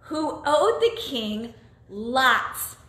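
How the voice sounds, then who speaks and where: A woman's voice: sits high, sing-song, extremely slow, bright, forceful tone. A woman co-hosting a children's church lesson, telling the story in an encouraging way. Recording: echoey room, phone camera.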